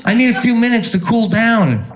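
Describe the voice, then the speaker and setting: A middle-aged man doing a stand-up set, animated and exasperated, slipping into quick impressions. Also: extremely high pitch. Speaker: stand-up comedian. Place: club stage with a laughing audience. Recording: live stage recording with crowd laughter.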